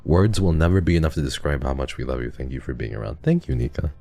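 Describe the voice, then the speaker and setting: A young man streaming and reading donations in a casual chat, soft and affectionate, sometimes teasing his viewers. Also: a bass voice, expressive, fast talker, vocal fry.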